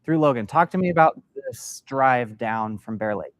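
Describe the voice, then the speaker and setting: Middle-aged man telling a lively sales story. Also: mid-range voice, normal speed, no echo. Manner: lively storyteller, quizzing the room. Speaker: sales mentor. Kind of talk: live workshop talk to an audience. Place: meeting room with an audience.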